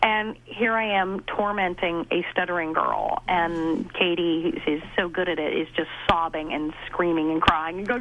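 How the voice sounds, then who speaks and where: A middle-aged woman, an actress and comedian, telling stories in an interview, animated and laughing as she acts out quoted lines. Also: on the low side, moderate pace, hardly any pauses, a little hiss or hum. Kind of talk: casual interview storytelling. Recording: dull lo-fi audio.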